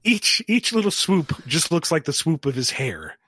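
A man's voice: fairly high pitch, sing-song, normal speed, pushed and bright, a little hiss or hum. A man co-hosting a casual podcast, answering listener questions by playfully riffing out silly scenarios.

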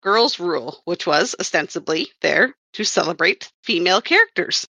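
A woman's voice: on the low side, animated, moderate pace, creaky, bright, forceful tone, no echo. A woman who worked as a comics writer and colorist, chatting casually on a podcast and rambling with wry self-corrections.

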